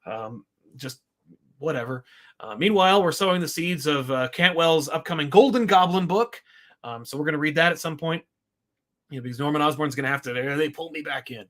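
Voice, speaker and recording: Rambling, wry man with a higher voice. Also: animated, fairly quick, fairly bright tone. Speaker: podcast co-host. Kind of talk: casual comic book review chat.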